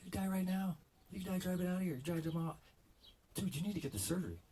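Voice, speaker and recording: A man's voice: high-pitched, fast, slight background noise, voice pushed up, lightly acted. A man voicing a blunt, exasperated male doctor who keeps insisting. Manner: loud, insistent bro talk.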